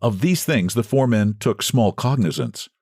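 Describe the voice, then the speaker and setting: A man narrating a classic short story with expressive storytelling delivery, close to the mic. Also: mid-range voice, unhurried, vocal fry, dry recording.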